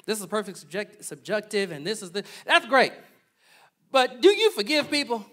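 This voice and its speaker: A male pastor preaching a sermon, animated, swinging from loud preaching to soft, playful asides. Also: high voice, moderate pace.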